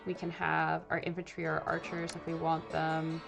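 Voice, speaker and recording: Low, creaky, and monotone, this young UK woman talks at a normal speed over background music. She's a streaming host and archaeologist giving relaxed live commentary on a game, musing aloud to viewers with plenty of filler words.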